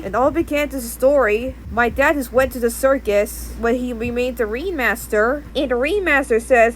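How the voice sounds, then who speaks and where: A high-voiced woman tells a homemade story in long, rambling run-on sentences. Faint noise hums under the home recording. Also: moderate pace, hardly any pauses.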